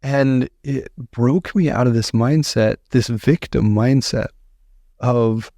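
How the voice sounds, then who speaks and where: A man's voice: mid-range voice, slow pace, warm tone, dry recording, studio quality. A man speaking as an author and podcast guest, telling his story earnestly and repeating phrases for emphasis.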